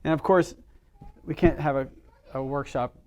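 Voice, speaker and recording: A man's voice: fairly high pitch, fairly even intonation, moderate pace, darkish tone. A middle-aged man, a chiropractor, giving a casual workshop talk to a small group, telling stories and asking the audience questions. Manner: chatty, storytelling, asks the audience questions.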